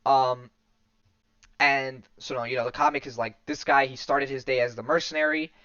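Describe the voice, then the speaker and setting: A man's voice: medium pitch, steady tone, moderate pace, a bit bright, clear, resonant tone, dry recording. A man casually recapping a comic on a podcast, rambling with many fillers and restarts. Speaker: podcast host. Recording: dull lo-fi dry recording.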